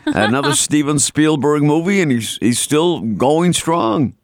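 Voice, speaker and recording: A man's voice: on the high side, animated, a little slow, no room sound. Boston-accented male radio host, sing-song delivery, rambling, dry studio sound. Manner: rambling, with frequent fillers and restarts. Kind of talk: morning talk radio chat. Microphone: studio microphone.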